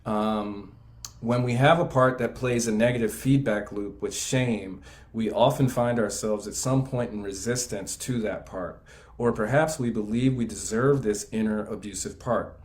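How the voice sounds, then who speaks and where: A man co-hosting a live class, reading passages from a book aloud in a measured way. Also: fairly low pitch. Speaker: class co-host.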